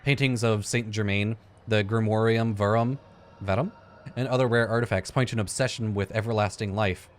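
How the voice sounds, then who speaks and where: A man's voice: fairly low pitch, steady tone, a little fast. A man giving casual gameplay commentary, thinking aloud, joking and swearing as he plays. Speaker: let's play gamer.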